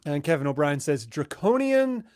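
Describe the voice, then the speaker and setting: A man's voice: medium pitch, normal speed, no echo. A man in his thirties co-hosting a podcast in casual chat, easygoing and rambling, laughing often. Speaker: podcast co-host.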